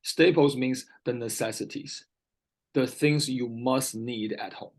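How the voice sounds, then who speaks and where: A man's voice: medium pitch, a little slow, poor audio. A man tutoring English one-on-one, patiently repeating key words and often checking whether his student understands. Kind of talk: one-on-one vocabulary lesson.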